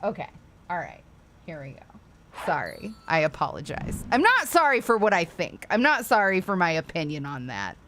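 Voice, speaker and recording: A woman's voice: fairly low pitch, wildly swooping pitch, moderate pace, fairly bright tone, slight background noise. Profane woman ranting on a livestream. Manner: profane, ranting, apologetic asides. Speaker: livestream host. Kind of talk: casual livestream chat.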